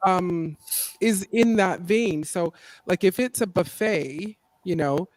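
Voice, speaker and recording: A woman's voice: fairly low pitch, takes it slowly, darkish tone, dry recording. A woman hosting a casual gardening livestream, chatty and laughing often as she retells stories. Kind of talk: casual live chat. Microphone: desk mic for livestream.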